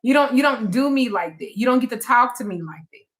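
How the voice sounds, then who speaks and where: A woman quoting her husband as a calm, firm man who speaks in a slow, stern and measured way. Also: a little high.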